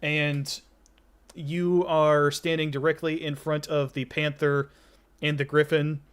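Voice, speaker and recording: A man narrating as game master of a tabletop game, relaxed, with many fillers and restarts. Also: fairly high pitch, slow pace, clean tone.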